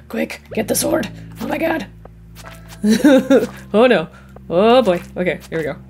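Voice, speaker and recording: A woman's voice: a little high, very animated, slow, a little mellow, soft background music. Chatty woman narrating her farming game. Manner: chatty, talks to game characters, laughs often. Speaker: gaming channel host. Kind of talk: casual let's-play commentary. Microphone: headphones with mic.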